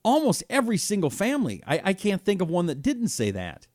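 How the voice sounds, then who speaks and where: A man in his fifties hosting a political talk show, reading viewer comments and reacting with indignation, dropping to a hush and then rising loud. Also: sits high, huge pitch swings, a little fast, dry recording, clean studio sound. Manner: heated and indignant, swings from hushed to loud.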